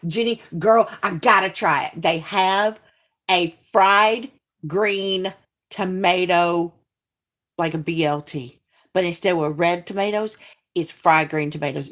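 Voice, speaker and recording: A woman's voice: fairly low pitch, moderate pace, a bit bright. A woman from Alabama with a Southern accent, hosting a casual live stream in a chatty, gushing way as she reads out viewer comments.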